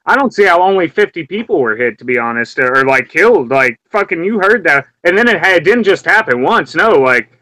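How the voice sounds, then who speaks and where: A young man from Memphis ranting in a casual, profane way, breaking into high mocking yelps as he acts out what he heard. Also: very animated, fairly quick, few pauses, pushed and bright, no echo, poor audio. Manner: heated, profane, mimics screams in sudden high yelps.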